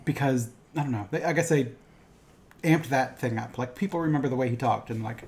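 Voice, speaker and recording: A man in the middle pitch range co-hosting a casual podcast. He argues his points with animated, opinionated energy and swears offhandedly as he goes. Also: fast, gravelly. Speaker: podcast co-host. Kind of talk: casual chat.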